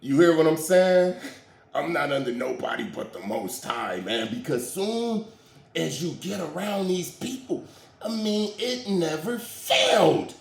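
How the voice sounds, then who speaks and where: Animated slangy man preaching in an echoey room. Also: fairly high pitch, measured pace, vocal fry. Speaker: spiritual commentator. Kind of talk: casual spiritual commentary.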